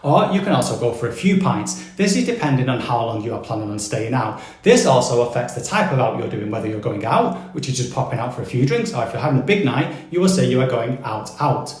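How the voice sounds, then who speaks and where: A man's voice: medium pitch, very animated, quick pace, few pauses. A British man presenting a scripted explainer vlog, with upbeat, playful explaining. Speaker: crypto ambassador giving a culture guide. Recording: roomy echo.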